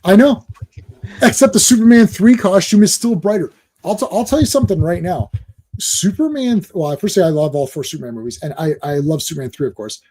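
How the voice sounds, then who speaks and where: A man hosting a live stream, ranting and swearing, dropping into quick impressions of other people. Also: sits high, very animated, a little mellow. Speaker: host.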